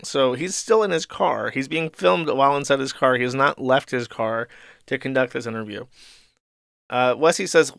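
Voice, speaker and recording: A man's voice: mid-range voice, fairly even intonation, moderate pace, creaky, a bit bright, smooth, dry recording, clean studio sound. A man in his thirties hosting a podcast, casually reading and commenting on a comic in a rambling, profane way with laughing asides. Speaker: podcast host.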